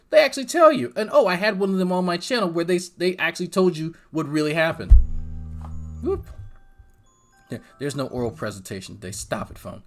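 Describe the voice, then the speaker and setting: A man from New Jersey giving a crude, sarcastic commentary monologue as a YouTube host. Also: high-pitched.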